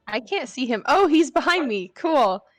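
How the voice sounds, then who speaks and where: A woman playing in an online tabletop game, chatting casually and excitably. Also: high-pitched, moderate pace, soft background music. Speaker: player.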